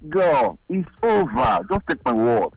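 A boastful, playful man calls into a sports radio show over a dull, lo-fi line. His gravelly voice swings widely up and down in a sing-song way, dry and close. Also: on the high side, big pitch swings, a little slow, soft background music. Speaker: radio caller. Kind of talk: casual call-in chat.

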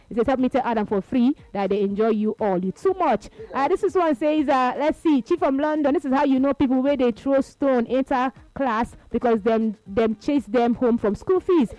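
A woman's voice: fairly high pitch, fairly quick, hardly any pauses, dark tone, rough recording. A woman radio host with a Nigerian accent, laughing and teasing as she reads listener messages and mixes pidgin into her English. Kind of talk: lively radio banter, reading listener messages.

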